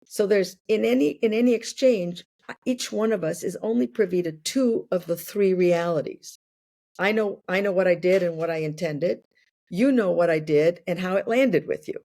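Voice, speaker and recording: An older woman in her sixties speaks with a gravelly texture and a slightly low pitch. She explains ideas patiently, building them up with worked examples, in an unhurried conversational style. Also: warm tone. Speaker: guest. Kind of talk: conversational interview.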